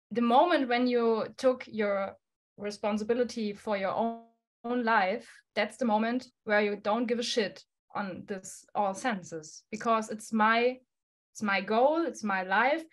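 Woman guest, slightly high voice, non-native English, forceful and blunt, laughs a lot. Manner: emphatic, laughs often, blunt swearing. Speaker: guest musician. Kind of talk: podcast interview answer.

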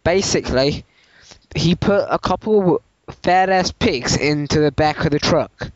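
A man's voice: a little high, no echo, close to an everyday voice. A man playing a hillbilly truck owner in a prank phone call, with a put-on Southern accent, rambling and restarting his sentences. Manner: rambling, halting, many restarts. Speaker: prank caller. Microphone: phone line. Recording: dull lo-fi prank call recording.

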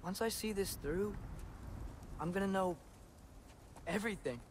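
A man's voice: high voice, measured pace, slight background noise. An earnest teenage boy. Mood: determined. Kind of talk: video game voice acting.

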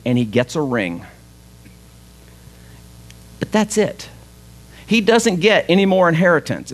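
A man, preaching a sermon as pastor, retelling a story in a conversational way and voicing the father's lines. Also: a little high.

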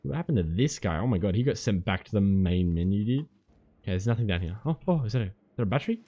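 A man's voice: fairly low pitch, big pitch swings, fast, a little mellow. Jumpy, swearing man commentating a horror game. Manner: jumpy, swearing, talks to the game's enemies. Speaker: gaming commentator.

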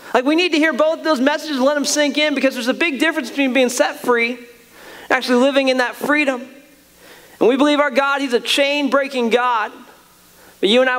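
High-voiced man preaching emphatically. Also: fairly bright tone. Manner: earnest, emphatic preaching with repeated restarts. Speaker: pastor. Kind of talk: sermon.

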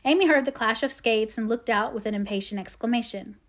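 A woman narrating a classic novel aloud in a measured, expressive storytelling manner. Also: a little high. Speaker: audiobook reader. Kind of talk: scripted narration.

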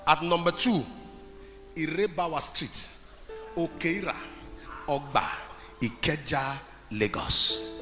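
A man preaching a sermon, telling stories that rise to shouted declarations. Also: fairly high pitch, echoey room, in a large hall. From Nigeria. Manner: storytelling that builds to shouted declarations. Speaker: pastor. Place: large church hall.

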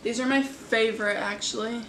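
A woman's voice: fairly high pitch, fairly even intonation, normal speed, fairly bright tone, slight background noise. A young woman chatting and joking while cooking and eating in a casual vlog. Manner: giggly, joking. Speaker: vlogger.

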